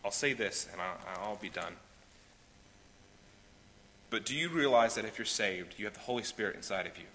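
A male pastor preaching with passion, his voice bright and ringing. He swings from loud pleading down to hushed, quiet lines. The sound carries a long hall reverb with a faint hiss underneath. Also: lowish voice, animated, normal speed, pauses often. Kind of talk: sermon. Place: church sanctuary.

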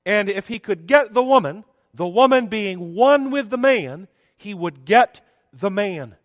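In a high, lifted and slightly bright voice, a man preaches a measured, emphatic sermon with lively intonation, rising and falling on key words. The recording is close and dry, though a long reverb lingers in the church hall.

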